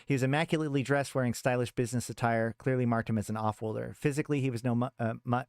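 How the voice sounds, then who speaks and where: A man's voice: medium pitch, steady tone, rapid-fire, a little mellow, smooth, dry recording, studio quality. A man streaming a casual talk on game lore and reading a story aloud, rambling with many restarts.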